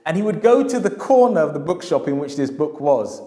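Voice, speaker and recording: A man's voice: on the high side, lively intonation, brisk, warm tone. A man, a historian telling a story in a lecture, emphatic and repeating his key phrases. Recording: echoey hall.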